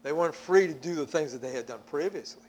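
A man's voice: a little high, fast. A man preaching a sermon, emphatic, repeating words as he presses his points.

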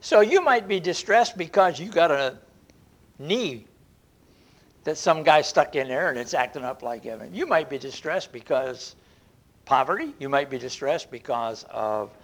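A man delivers a sermon with earnest conviction, leaning hard on key words and drawing them out slowly. His voice sits a touch higher than most men's, and he often stops to restart a phrase mid-thought. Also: lively intonation. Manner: earnest, drawn-out emphasis with frequent restarts. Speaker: preacher.

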